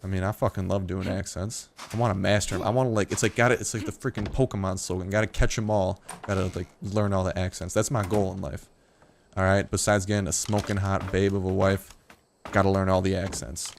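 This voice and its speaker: Young male gaming host, low pitch, chatty and profane, over faint background noise. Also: creaky. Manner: rambling, jokey, profane. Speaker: gaming YouTuber. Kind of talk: casual gameplay commentary.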